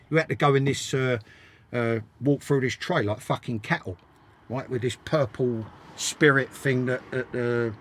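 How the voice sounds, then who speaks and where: An older man, a former footballer appearing as an interview guest, speaks at a medium pitch over slight background noise. He tells blunt stories casually, swearing freely and hammering his points home by repeating them.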